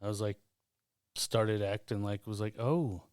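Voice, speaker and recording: A man's voice: on the low side, monotone, a little slow, clear, resonant tone, no room sound, studio quality. A man co-hosting a casual podcast, enthusiastic and cursing, often cheering his co-hosts on. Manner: enthusiastic, says "hell yeah" a lot. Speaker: podcast co-host.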